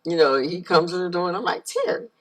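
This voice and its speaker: A woman's voice: on the low side, steady tone, fast, low-quality recording. A woman hosting a talk show, who chats casually with her guest and reads out her sponsors. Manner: friendly, gives frequent backchannel replies. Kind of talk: casual interview chat.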